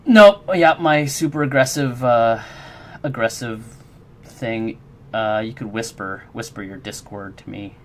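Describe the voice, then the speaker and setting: A man's voice: mid-range voice, a little slow, slight background noise. A man streaming his game development work, chatting casually with viewers in a rambling, friendly, encouraging way and answering chat.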